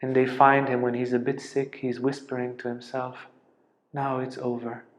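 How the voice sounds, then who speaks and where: A man gives a spiritual lecture in a roomy, echoey room, his pitch sitting in the middle of the male range. He tells his stories with earnest feeling and sinks to a soft hush at the tender parts. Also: monotone, moderate pace. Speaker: spiritual teacher.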